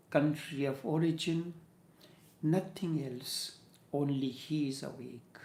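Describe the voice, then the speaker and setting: A man delivers a meditative spiritual discourse at a very unhurried pace. His measured phrases often fall to a soft whisper on key words. The voice carries a roomy echo. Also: a little high. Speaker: spiritual teacher. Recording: echoey room.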